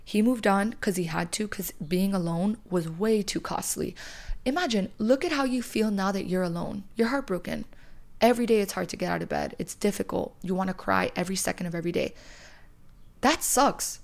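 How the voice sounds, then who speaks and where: A woman's voice: mid-range voice, a little fast, vocal fry, darkish tone. A young woman hosting a podcast, giving emphatic, blunt breakup advice and swearing freely. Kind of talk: advice monologue.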